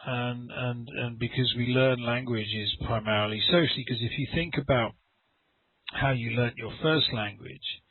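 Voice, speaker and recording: A man's voice: medium pitch, fairly even intonation, moderate pace, no room sound. A middle-aged man, a teacher who talks in a rambling way, repeats words and acts out little dialogues during an online lesson. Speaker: English teacher. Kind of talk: conversational online English lesson. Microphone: video call. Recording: dry, tinny call audio.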